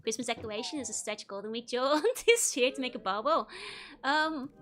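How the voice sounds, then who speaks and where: Giggly high-voiced woman streaming a game. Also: sing-song, moderate pace. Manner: giggly, chatty, reads chat aloud. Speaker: VTuber streamer. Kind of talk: casual let's-play commentary. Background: game music.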